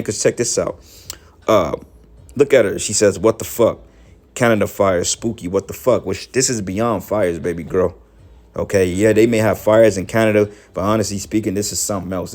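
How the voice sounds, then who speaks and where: A man giving fiery, profane preaching commentary, scolding his listeners and quoting scripture. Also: fairly low pitch. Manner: profane, scolding, rising to shouts. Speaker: online street preacher.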